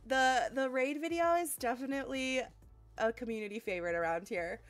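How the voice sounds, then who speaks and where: A woman's voice: sits high, measured pace. Bubbly giggling woman streamer. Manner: bubbly, giggly, thanking viewers warmly. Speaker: game streamer. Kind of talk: casual live-stream chat. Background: faint lo-fi music.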